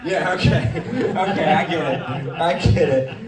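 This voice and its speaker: A man's voice: a little high, unhurried, over a noisy crowd. A man hosting a live comedy show, bantering in a brash, crude, mock-pompous way. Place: comedy night in a dispensary. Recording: echoey room, distant mic.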